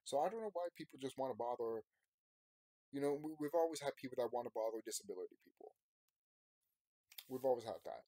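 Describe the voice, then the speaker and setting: A YouTuber in his thirties rambles through an unscripted monologue to his subscribers, repeating himself and speaking casually but emphatically. His mid-range voice is animated and fast, broken by long pauses, with a dark tone and no echo.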